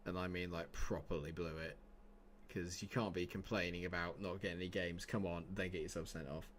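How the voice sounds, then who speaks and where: A man streaming a football management game live, chatting excitedly and laughing often. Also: low voice, brisk, a little hiss or hum. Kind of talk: casual live game commentary.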